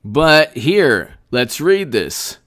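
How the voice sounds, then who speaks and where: A man hosting a casual political commentary livestream, animated and repetitive, often restarting his sentences and speaking straight to viewers. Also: fairly high pitch, very slow. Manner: animated, repetitive, mock-quoting opponents, frequent restarts.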